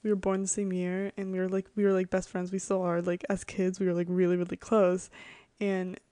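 In a fairly low, warm, clean-toned voice, monotone and fairly quick, a young podcast host from Connecticut rambles through casual childhood stories. She giggles often and fills her talk with "like," and there's no room sound.

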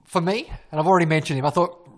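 Male co-host, casual sports banter, lightly teasing, slightly higher register. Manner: jokey, teasing, quick to laugh. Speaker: podcast co-host.

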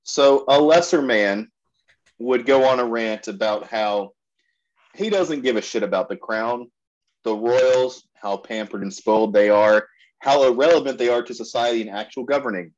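A man co-hosting a casual sports-betting podcast, sarcastic and given to deadpan rants. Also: medium pitch, moderate pace, dull audio. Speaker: podcast co-host.

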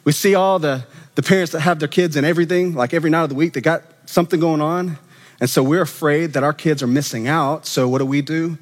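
A man preaching an animated, conversational sermon as a student minister, acting out quoted voices. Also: on the high side, fast. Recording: long reverb of a church hall.

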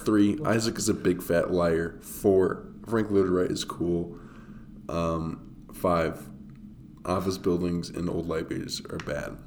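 A young man with a low voice chatting as a podcast co-host. He is blunt and jokey and full of mock threats, with faint noise in the background. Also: level tone, slow pace, a little mellow. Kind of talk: casual chat.

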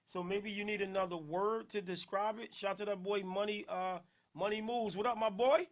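A man from Newark with a New Jersey accent, hosting a casual podcast, loud and playful, laughing often and shouting out listeners. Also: sits high, steady tone, normal speed. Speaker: podcast host.

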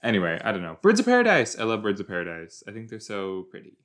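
A young podcast host runs a casual watch-along, rambling and joking as he reacts to a TV episode and slipping into silly put-on voices. His low-pitched voice is steady in tone, a bit bright, and fast.

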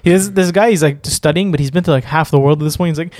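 A man's voice: fairly high pitch, quick pace, a little mellow, dry recording, clean studio sound. A man chatting casually in a rambling way, with many fillers and restarts. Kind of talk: casual chat.

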